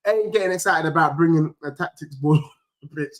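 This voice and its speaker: A young man in heated fan banter, voice pitched high and ringing bright. He fires off teasing jabs and repeats himself in quick bursts while reacting to viewers. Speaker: football fan channel host. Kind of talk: animated live fan chat reacting to viewers.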